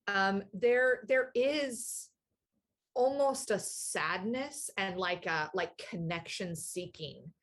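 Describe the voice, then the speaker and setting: A woman's voice: medium pitch, takes it slowly. A woman game master narrating a tabletop game in a thoughtful way, with many fillers.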